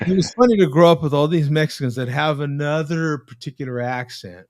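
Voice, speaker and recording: A man's voice: a little high, fairly quick, no echo, studio quality. A man hosting a casual video-call chat, telling rambling stories with frequent tag questions. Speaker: host.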